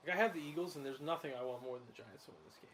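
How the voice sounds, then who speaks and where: Excitable man hosting a betting show. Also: a little high, rapid-fire, slight background noise. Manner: excitable, laughs often. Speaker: host. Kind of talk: casual sports betting commentary while watching a game.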